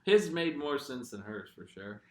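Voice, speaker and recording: A man's voice: mid-range voice, sing-song, a little mellow, echoey room. A man co-hosting a podcast, chatting casually and retelling movie scenes with amusement. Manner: laughing, retells scenes in quick back-and-forth. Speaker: podcast co-host. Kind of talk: casual movie review chat.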